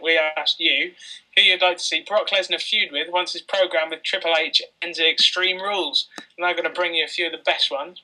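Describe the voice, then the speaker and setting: A young man hosts a podcast and reads listener tweets. His voice is very bright and fairly high, with a dry, wry edge. He sits a little away from the mic. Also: far from the mic, poor audio. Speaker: podcast host. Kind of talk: casual chat and reading listener tweets.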